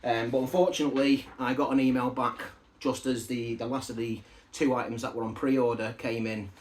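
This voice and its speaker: A man's voice: mid-range voice, flat delivery, brisk, slight background noise. A man chatting casually to camera as he unboxes records, rambling into side stories and asides. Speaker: record collector showing a parcel of vinyl albums.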